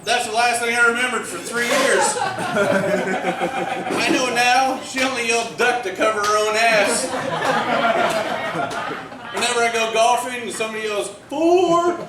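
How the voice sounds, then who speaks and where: High-voiced man doing stand-up in a club. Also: fairly even intonation, unhurried, pauses often, over a noisy crowd. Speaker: stand-up comedian. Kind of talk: stand-up comedy set. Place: comedy club stage. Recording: roomy, distant, noisy club recording.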